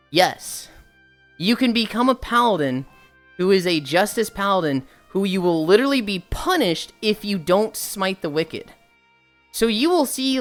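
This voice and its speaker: A young woman streamer with a mid-range voice chats casually with her viewers, telling stories in an animated, profane way.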